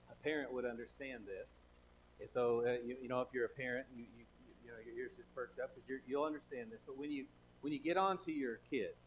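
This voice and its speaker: A man's voice: a little high, a little hiss or hum, rough recording. A man preaching a sermon as pastor, emphatic, repeating key phrases and restarting often.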